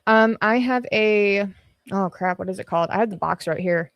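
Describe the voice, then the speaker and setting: Woman, livestream host, casual chat, swears a lot, laughs often, ums, medium pitch, dry close podcast mic. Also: moderate pace, clean tone, no room sound, lo-fi sound. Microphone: podcast dynamic mic on an arm.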